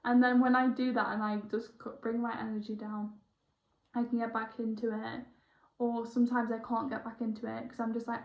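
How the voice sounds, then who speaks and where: A young woman, a spiritual healer chatting excitably through a one-on-one session, rambling and correcting herself as she goes. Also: on the high side, moderate pace. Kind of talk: casual one-on-one session chat. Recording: roomy, dull lo-fi sound.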